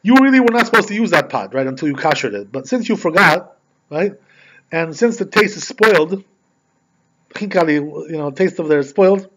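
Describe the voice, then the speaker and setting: A man's voice: sits high, lively intonation, fairly quick, a bit bright. A male rabbi giving a conversational lesson on religious law and telling stories, often checking in with "right?". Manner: conversational, frequent "right?" tag questions. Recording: dull lo-fi recording.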